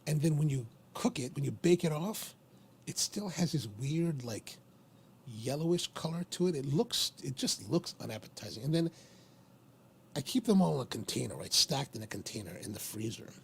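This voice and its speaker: A man's voice: a little high, moderate pace, creaky, a little hiss or hum. A man hosting a live stream, chatting casually in a rambling, repetitive way. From Maryland, USA. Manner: rambling, chatty, lively with repeated phrases. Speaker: livestream host.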